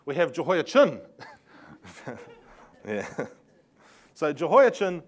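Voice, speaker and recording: A man teaching a Bible lesson with slides, telling the story in a lively way with laughing asides and sarcastic remarks. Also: mid-range voice, brisk.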